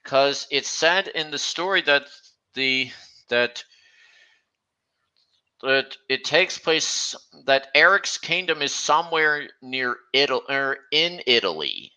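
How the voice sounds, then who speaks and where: A man chatting casually on a stream, talking slowly and haltingly with frequent restarts. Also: medium pitch, animated, bright, forceful tone, clean tone, low-quality recording. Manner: halting, many restarts, slow and meandering. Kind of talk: casual chat.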